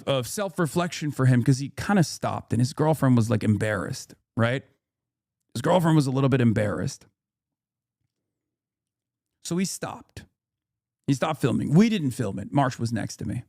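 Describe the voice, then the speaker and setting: A man's voice: medium pitch, creaky, darkish tone, no room sound, studio quality. A man streaming casual commentary, swearing freely and rambling in an indignant tone.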